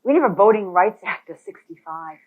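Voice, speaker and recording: Talking a little fast in a mid-range voice, a woman leads a real estate boot camp presentation. She speaks straight to the people present, animated and emphatic, and the recording is thin like a phone line.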